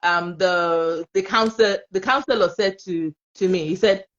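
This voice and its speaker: A woman with a Nigerian English accent, talking in a casual panel conversation as an expressive, laughing storyteller. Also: fairly low pitch, a little slow, muffled recording. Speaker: panel guest.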